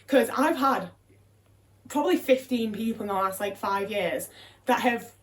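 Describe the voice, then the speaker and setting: Packing boxes at home, a young vlogger chats casually with viewers for body-doubling in a slightly high voice at a measured pace. Anxious and swearing, she rambles, often trailing off before starting over. The distant mic adds faint noise.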